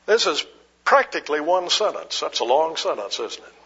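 A man preaching a sermon slowly and deliberately, posing rhetorical questions and answering them himself. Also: on the high side, very animated, fairly bright tone, slightly rough. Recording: muffled lo-fi sermon recording.

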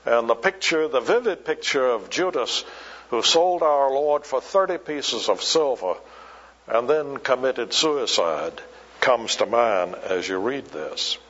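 A man preaching a sermon, slow and emphatic, repeating key words for weight. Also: mid-range voice, animated, fairly bright tone, breathy edge, in a large hall. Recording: dull lo-fi recording.

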